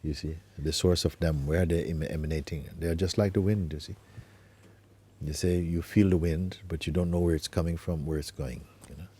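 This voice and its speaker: A man acting as a spiritual teacher, talking gently and unhurriedly in an informal talk, often adding tag questions like "you see". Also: low-pitched, fairly even intonation, moderate pace, breathy edge.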